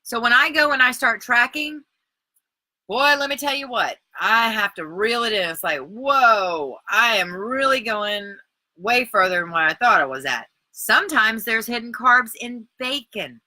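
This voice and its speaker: Woman, workshop host, chatty and upbeat, very bright tone, dry close sound. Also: on the high side, animated, a little slow, dry recording. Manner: chatty, encouraging, reads out viewer comments. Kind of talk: live-stream workshop talk.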